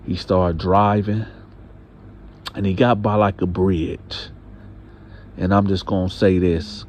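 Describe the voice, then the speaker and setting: A man's voice: sits low, darkish tone, a little hiss or hum. A man telling a story in a casual, talkative way, often repeating himself and restarting. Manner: talkative, repetitive, stammering restarts. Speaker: storyteller host.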